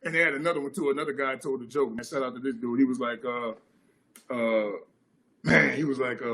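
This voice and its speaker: A man's voice: mid-range voice, brisk. A man, a football player, chatting casually on a podcast, acting out quotes as he tells stories. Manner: animated storyteller, acts out quotes.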